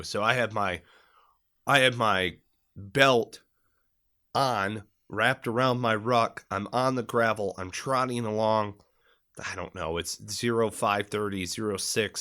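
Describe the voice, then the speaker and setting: A middle-aged man co-hosting a podcast, telling a military story in casual, profane chat and acting out shouted quotes. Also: fairly low pitch.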